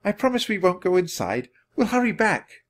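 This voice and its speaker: Man putting on a young girl voice, high and eager, brave, lively swoops, storybook. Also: moderate pace. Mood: pleading. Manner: excited, pleading, high-pitched.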